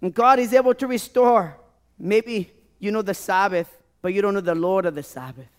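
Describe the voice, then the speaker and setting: A man's voice: high-pitched, moderate pace, clean tone. A man pastor preaching a sermon and leading an altar call to a church, pleading and repeating his phrases with rising and falling intensity. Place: church sanctuary.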